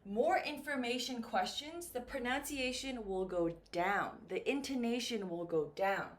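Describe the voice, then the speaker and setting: A woman teaching English to beginners, speaking slowly and clearly with exaggerated intonation. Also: a little high. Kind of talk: slow beginner ESL lesson.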